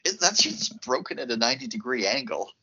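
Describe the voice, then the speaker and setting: A man co-hosting a podcast, chatting casually about films in an expressive, reactive way. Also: medium pitch, husky. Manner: expressive and reactive, quick asides. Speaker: podcast co-host. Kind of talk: casual film discussion. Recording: slightly muffled lo-fi podcast audio.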